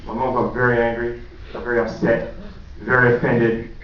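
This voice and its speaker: A man's voice: mid-range voice, monotone, noisy background. Man doing stand-up, echoey hall. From Australia. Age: 20s. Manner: halting, self-deprecating storytelling with many fillers. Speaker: stand-up comedian. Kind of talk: stand-up comedy. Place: large comedy venue. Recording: echoey distant live hall, muffled.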